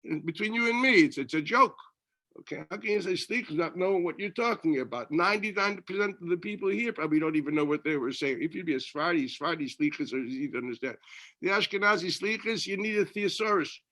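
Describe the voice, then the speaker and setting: Speaking fast in a bright, fairly high voice, a rabbi leads a Torah class. His delivery is conversational, built around questions he asks and answers himself, with Hebrew and Yiddish words woven throughout.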